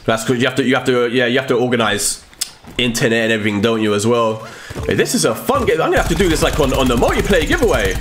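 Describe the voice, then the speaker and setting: Excitable man streaming a game. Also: medium pitch, fast, music in the background. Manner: excitable, shouting and exclaiming at the game. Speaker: gaming streamer. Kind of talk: live gameplay commentary.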